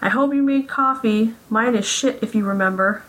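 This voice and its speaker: A woman voicing a frantic, lovesick wife who pleads faster and faster as she searches for her missing husband. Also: fairly high pitch, a bit bright, natural voice, low-quality recording. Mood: cheerful.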